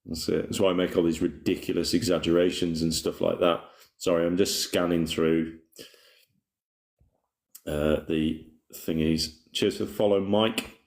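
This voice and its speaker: Hosting a casual spiritual livestream, a man rambles in a laid-back manner and reads out comments from viewers. His voice is deep and somewhat dark, with a steady tone and normal speed, captured in a roomy, echoey space.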